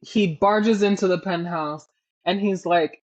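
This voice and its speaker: A woman cohosting a podcast, recapping a book in a casual, animated and profane way. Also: fairly low pitch, unhurried, lo-fi sound.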